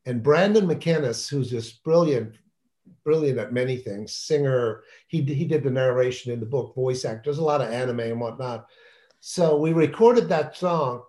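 A man with an ordinary, mid-range voice talks about his children's book in a relaxed interview. He is enthusiastic and rambles, often restarting his sentences mid-thought. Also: mid-range voice. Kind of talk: casual interview talk.

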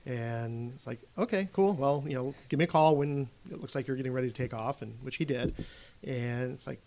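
A man, a convention staff guest, telling a story in an unhurried way on a podcast. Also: medium pitch, a little mellow. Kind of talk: casual podcast chat.

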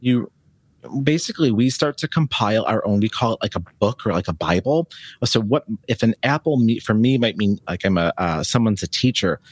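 Man, psychic medium guest, rambly storyteller; low-ish husky tone, dry close sound. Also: expressive, fairly quick, no echo. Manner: rambling, laughing, self-interrupting. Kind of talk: casual storytelling.

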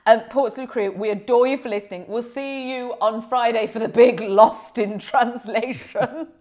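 A woman's voice: fairly high pitch, fairly even intonation, normal speed, darkish tone. A woman co-hosting a podcast, telling a story in easy casual chat and laughing often. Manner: chatty, laughs easily. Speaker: podcast co-host.

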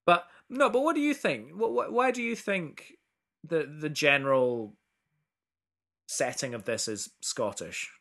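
A man co-hosting a casual chat, talking loosely, restarting sentences and jumping up in pitch when excited. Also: measured pace. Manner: chatty, self-interrupting, big pitch swings when excited. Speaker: podcast co-host.

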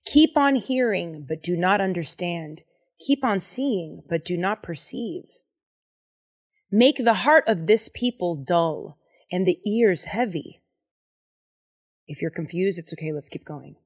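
A woman's voice: fairly low pitch, animated, slow, husky. A young woman casually leading a Bible study, enthusiastic and chatty with lots of fillers.

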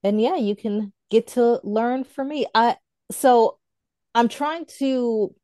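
A woman guest in a casual online interview, chatty and animated as she tells stories and laughs. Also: on the high side, takes it slowly, no room sound. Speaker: guest, author and tarot teacher.

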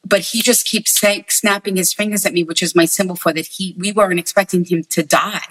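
Giving a spirit reading to sitters, a psychic medium earnestly passes along messages, repeating herself often. She speaks briskly in a steady, low-ish voice with a breathy edge, captured in low-quality audio.

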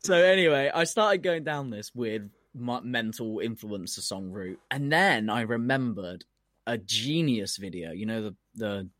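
A man's voice: medium pitch, expressive, unhurried, fairly bright tone, no echo. A man co-hosting a casual comedy podcast, ranting and swearing a lot as he gets worked up. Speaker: podcast co-host.

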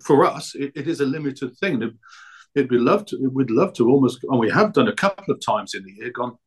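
A man's voice: mid-range voice, expressive, brisk, breathy edge. Chatty man, enthusiastic food producer guest. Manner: enthusiastic, chatty about his own produce. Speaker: guest, black pudding producer. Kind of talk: casual podcast interview.

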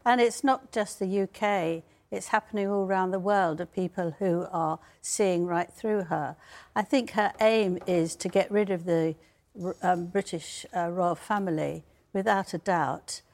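A woman's voice: on the low side, unhurried, a little mellow. A woman commenting on a TV debate, firm and opinionated, with some hesitations. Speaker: royal commentator and biographer.

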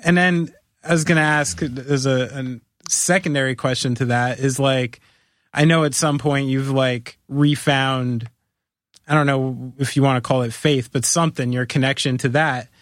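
A man's voice: mid-range voice, fairly even intonation, moderate pace, no echo, studio quality. A man hosting a podcast in a casual chat, joking and rambling, laughing often. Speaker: podcast host.

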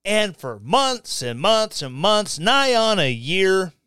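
A man with a high, lively voice hosts a podcast, reading an article aloud and cutting in with sarcastic remarks. His tone is smooth and clear. The sound is dry and close, with no room echo. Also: slow. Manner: sarcastic, reads articles aloud with mocking asides. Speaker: podcast host. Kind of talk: casual commentary.

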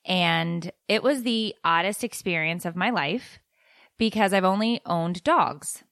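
A woman's voice: on the low side, measured pace, dry recording, clean studio sound. A young woman co-hosting a chat show, telling a story with lots of acted-out dialogue. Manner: animated storyteller, acts out quoted dialogue. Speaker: podcast co-host.

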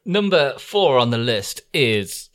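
A father hosting a podcast, calmly steering the casual conversation through a list of topics. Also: medium pitch, slow. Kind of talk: casual chat.

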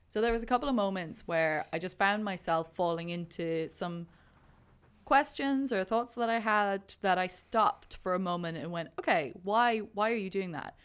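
Woman podcaster from the uk, chatty, kinda low voice, acts out her thoughts. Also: moderate pace, smooth. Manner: animated, acts out her own thoughts in quotes, lots of fillers. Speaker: podcast co-host. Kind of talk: casual chat about a movie.

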